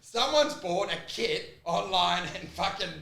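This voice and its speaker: A man co-hosts a comedy podcast, with a high, gravelly voice and a very bright, sharp tone. He tells stories animatedly and laughs through them, and the recording rings in a roomy echo. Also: lively intonation, a little slow. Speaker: podcast co-host. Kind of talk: casual comedic chat.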